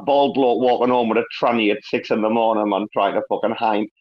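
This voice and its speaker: A man's voice: lowish voice, steady tone, fairly quick, few pauses, highs cut off. A man with an English accent hosting a casual online chat, swearing constantly and laughing as he tells stories. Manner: profane, laughing, storytelling with a northern English slang. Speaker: host. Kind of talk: casual crypto community chat.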